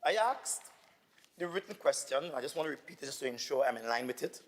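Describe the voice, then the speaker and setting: A man's voice: medium pitch, quick pace. A man, an assemblyman debating in a legislative chamber, speaking insistently and with indignation, often repeating himself. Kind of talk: parliamentary debate. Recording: reverberant assembly hall.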